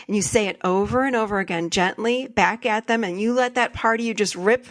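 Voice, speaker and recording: A woman's voice: medium pitch, brisk, no echo. Earnest, enthusiastic woman podcast host. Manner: earnest, enthusiastic, repeats phrases for emphasis. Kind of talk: casual podcast chat.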